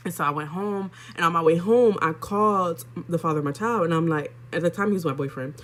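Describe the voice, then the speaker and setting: A young woman vlogger talks fast in a fairly low, slightly bright voice. In a casual storytelling vlog, she shares a personal story candidly and chats directly with her viewers.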